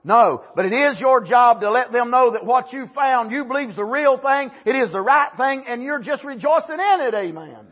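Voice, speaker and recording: A man preaches with fervent energy, his high voice husky around the edges. He swings from shouted exclamations down to quiet asides and punctuates his points with amens. The recording sounds dull and lo-fi. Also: lively intonation, normal speed, few pauses. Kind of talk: sermon.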